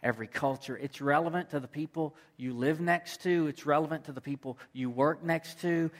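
A man's voice: on the high side, a bit bright. A man preaching a sermon, telling a story and repeating phrases for emphasis. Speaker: pastor.

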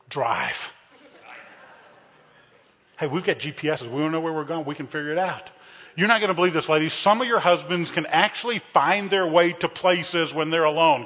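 A man's voice: high voice, pushed and bright. A male pastor preaching a humorous sermon, teasing and calling out to his congregation. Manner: playful, teasing, addresses the congregation directly. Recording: dull, echoey church sanctuary recording.

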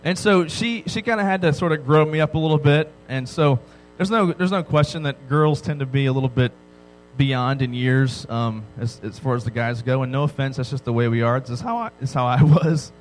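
A man's voice: medium pitch, fairly quick, soft background music, low-quality recording. A man in his thirties preaching a sermon, joking and telling stories with frequent "right?" asides. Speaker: pastor. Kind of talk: sermon to a youth audience.

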